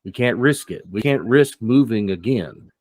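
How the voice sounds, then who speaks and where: A man voicing a weary male nomad convoy boss, speaking slowly and firmly. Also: mid-range voice, lively intonation, darkish tone, no echo, close to an everyday voice.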